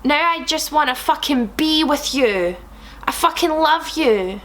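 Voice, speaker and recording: A woman reading a melodramatic gothic teenage boy's lines in an overwrought, shouting way. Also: high voice, animated, a little slow. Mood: passionate. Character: melodramatic gothic teen boy, lovesick.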